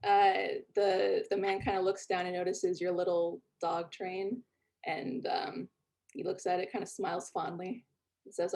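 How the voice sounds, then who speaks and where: A woman narrating a tabletop game as game master, relaxed, with frequent fillers. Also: fairly low pitch, unhurried, vocal fry.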